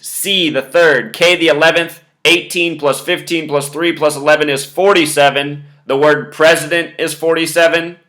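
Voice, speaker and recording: Male host delivering a step-by-step lecture to camera; bright, sharp voice. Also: fairly high pitch. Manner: lecturing, spelling out numbers step by step. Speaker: video host. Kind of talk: monologue commentary to camera.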